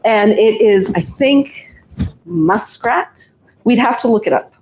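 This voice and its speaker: A woman co-hosting a live sale, describing products in a relaxed, unhurried way. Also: medium pitch, slight background noise. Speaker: co-host showing products. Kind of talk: casual product showcase.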